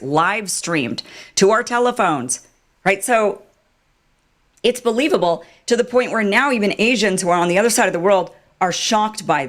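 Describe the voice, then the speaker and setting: A woman giving animated, sarcastic online commentary and mocking others with put-on quotes. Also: mid-range voice. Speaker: political commentator.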